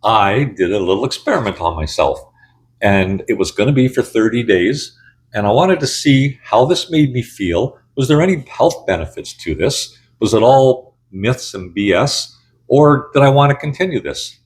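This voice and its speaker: A man in his sixties who hosts a channel tells his own story to camera, candid, blunt and conversational. His mid-range voice has lively intonation and a moderate pace.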